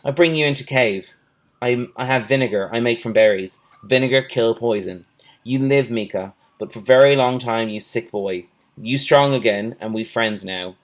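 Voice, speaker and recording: A man's voice: mid-range voice, normal speed, natural voice. A man reading a storybook aloud, voicing an old, wary male island hermit who speaks in clipped, broken English. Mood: earnest. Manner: clipped broken English, plain short phrases.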